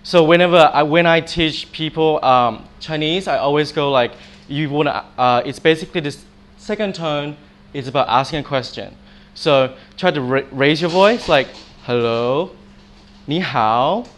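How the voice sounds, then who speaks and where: A man's voice: fairly high pitch, fairly bright tone. A man teaching a short informal language lesson, demonstrating sounds by example. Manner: friendly, demonstrates tones by example.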